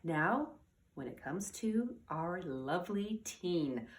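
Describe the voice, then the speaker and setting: A woman's voice: on the low side, animated, slow. Chatty woman giving parenting advice. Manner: rambling, restarts sentences, checks in with "okay?" and "all right?". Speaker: parenting coach. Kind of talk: casual advice monologue.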